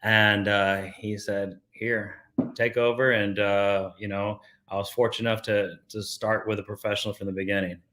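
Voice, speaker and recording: A man's voice: on the low side, little pitch movement, normal speed, sharp tone. A middle-aged man from South Texas, a golfer guest, telling stories in casual talk, full of fillers and restarts. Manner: storytelling with many fillers and restarts.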